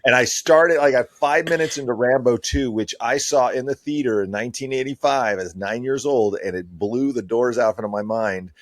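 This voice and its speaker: A middle-aged man chats as a podcast guest, animatedly and enthusiastically telling stories about the movies he loves. His voice is mid-range, his pace moderate with hardly any pauses, and the recording is dry.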